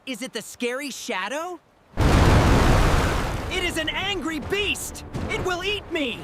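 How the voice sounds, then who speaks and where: A man voicing a scared little male fox cub who talks anxiously in a slow storybook reading. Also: very high voice, expressive, heavy background noise, exaggerated voice. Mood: panicked. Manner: anxious, exclaiming.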